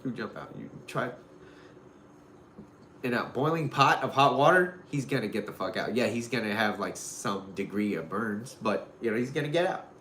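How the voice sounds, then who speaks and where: A man's voice: on the low side, animated, normal speed, fairly bright tone. A man giving casual dating advice in a loose, rambling way, full of "like" and "you know". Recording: roomy echo with faint noise.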